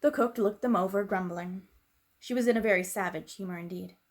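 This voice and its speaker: Gentle woman reading a storybook aloud. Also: mid-range voice, a little fast. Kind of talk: reading a children's book aloud.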